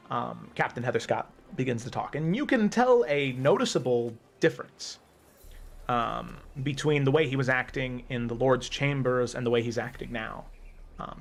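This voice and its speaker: A man's voice: medium pitch, vocal fry. Rambling male game master. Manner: meandering, many ums and restarts. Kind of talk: narrating a tabletop game.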